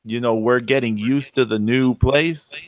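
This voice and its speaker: A man's voice: medium pitch, steady tone, unhurried. A man co-hosting a casual podcast chat, hesitant and thinking aloud with many fillers. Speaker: podcast co-host.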